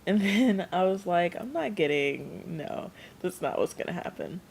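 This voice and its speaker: A woman's voice: on the low side, animated, moderate pace, creaky, darkish tone, a little hiss or hum. A young woman vlogging, telling a rambling story in a chatty way and acting out the people she quotes. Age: young adult. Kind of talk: casual storytelling vlog.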